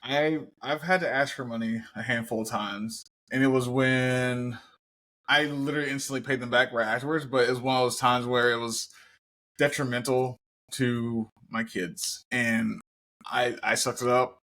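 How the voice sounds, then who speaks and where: A man co-hosting a podcast, telling stories in casual chat, animated and given to swearing. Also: medium pitch, normal speed. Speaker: podcast co-host.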